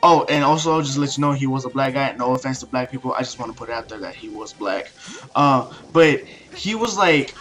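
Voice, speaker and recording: A man's voice: mid-range voice, animated, brisk, fairly bright tone, soft background music. A young man of Mexican heritage telling a rambling, profane story, with many restarts and fillers. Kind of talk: casual rant-style story.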